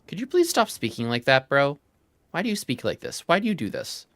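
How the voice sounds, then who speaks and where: Bright-voiced man chatting while gaming. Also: medium pitch, sing-song, a little fast, gravelly, no echo. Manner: joking, talks to chat and himself. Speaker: game streamer. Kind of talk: casual gameplay chat. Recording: dry close mic, faint music behind.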